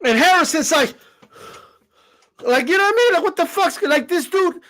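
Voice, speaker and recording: A man giving a casual, animated opinion rant as a boxing commentator, profane and full of fillers. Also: extremely high pitch, moderate pace.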